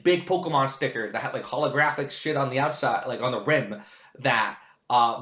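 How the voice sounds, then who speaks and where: A man's voice: mid-range voice, fairly bright tone. Profane, rambling man in a roomy space. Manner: profane, candid, heavy with fillers and restarts. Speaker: vlogcast host. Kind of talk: casual rambling monologue. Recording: roomy, slightly dull sound.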